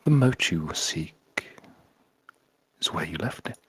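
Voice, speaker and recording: A man whispering as a foppish breathy devil. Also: sits low, expressive, slow, pitched below the performer's own voice, heavily acted. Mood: sinister. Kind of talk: whispered role-play.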